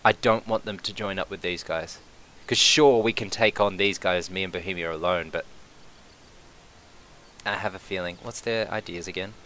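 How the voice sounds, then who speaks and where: A man's voice: deep voice, fairly even intonation, normal speed, pushed and bright, a little hiss or hum. A man commentating his own strategy game, thinking aloud, swearing casually and bursting into cheers when things go his way. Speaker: gameplay commentator. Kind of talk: casual let's-play commentary.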